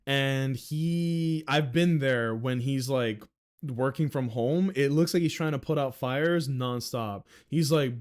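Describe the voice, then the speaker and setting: A man's voice: medium pitch, slow. A young man from the Philadelphia area ranting sarcastically on a livestream at a desk mic, profane and exasperated.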